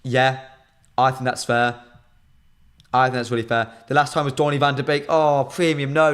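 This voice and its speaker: A young British man hosting a live stream, chatting casually and answering viewers' comments in lively banter. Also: mid-range voice, moderate pace. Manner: animated, reads chat comments aloud and banters with viewers.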